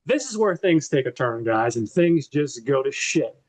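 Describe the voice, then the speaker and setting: A man's voice: medium pitch, big pitch swings, moderate pace. A man co-hosting a podcast, animatedly retelling a movie plot in a casual, profane way with lots of fillers. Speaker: podcast co-host.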